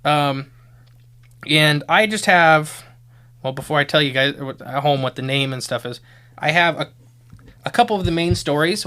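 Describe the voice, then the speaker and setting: A man's voice: mid-range voice, a bit bright, clean tone. A man hosting a podcast in casual chat, rambling and laughing often. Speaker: podcast host.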